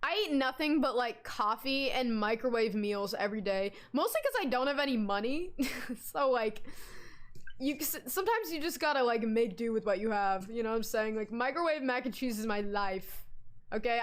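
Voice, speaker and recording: Excitable young woman rambling on stream. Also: on the high side, moderate pace. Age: young adult. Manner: rambling, excitable, giggly, swears casually. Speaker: livestreamer. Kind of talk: casual live-stream chat.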